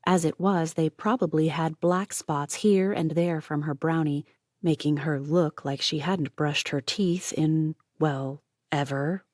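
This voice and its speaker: A woman narrating an audiobook with an even, measured storytelling delivery on a close mic. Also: sits low, no room sound. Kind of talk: scripted narration.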